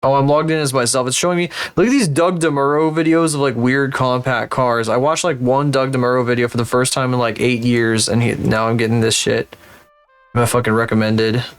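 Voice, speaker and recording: A man's voice: medium pitch, fairly even intonation, brisk, smooth. A man streaming live, thinking aloud and swearing casually as he plays a geography guessing game. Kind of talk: casual livestream commentary while playing a geography game.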